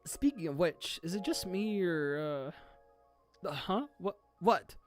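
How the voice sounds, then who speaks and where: A streamer reacting live to a manga chapter, gushing, swearing and squealing with excitement. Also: mid-range voice, slow pace, faint music behind.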